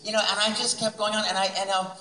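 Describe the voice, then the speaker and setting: A man telling an animated story at a convention panel, laughing and acting out voices, recorded in an echoey hall from far off. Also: high-pitched, quick pace, slight background noise. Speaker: guest speaker.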